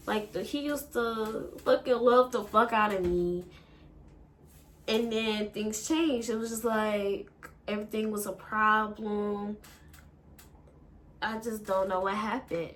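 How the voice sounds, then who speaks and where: A young woman telling an emotional story in a halting way, full of fillers and swearing, and fighting back tears. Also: medium pitch, fairly even intonation, fairly bright tone, a little hiss or hum. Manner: halting, with many fillers and profanity. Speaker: vlogger.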